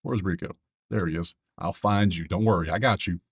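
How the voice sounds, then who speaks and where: A man with a low, husky voice hosts his own sports betting video, clicking through stats while talking loosely to himself. His casual solo commentary over the screen is chatty and full of quick asides.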